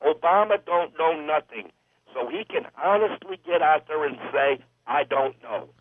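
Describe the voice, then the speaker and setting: Blunt caller on a tinny phone line. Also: male voice, on the high side, lively intonation, moderate pace, dry recording. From Illinois, USA. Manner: blunt, emphatic, hesitant fillers. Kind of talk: call-in talk radio.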